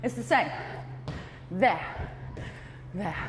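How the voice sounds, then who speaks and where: A woman's voice: mid-range voice, expressive, very slow, long reverb tail, noisy background. A woman fitness trainer coaching a workout class, encouraging and out of breath between exercises.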